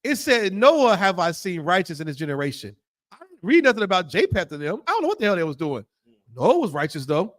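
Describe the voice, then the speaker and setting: A man leads a Bible law class, swearing freely and firing off rhetorical questions. His voice sits high and swings widely up and down as he preaches. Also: very animated, fairly quick. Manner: blunt, profane, rhetorical questions. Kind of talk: fiery preaching lesson.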